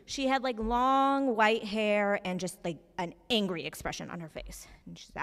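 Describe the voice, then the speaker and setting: A young woman telling a personal story on stage in an animated, self-mocking, conversational way. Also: mid-range voice, normal speed, few pauses. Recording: reverberant hall.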